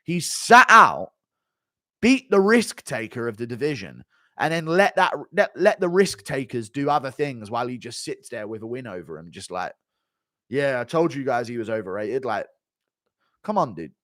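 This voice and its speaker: A man's voice: medium pitch, sing-song, moderate pace, bright, forceful tone, no room sound, studio quality. A man hosting a live stream, reading viewer donations and giving blunt, rambling fight commentary full of swearing.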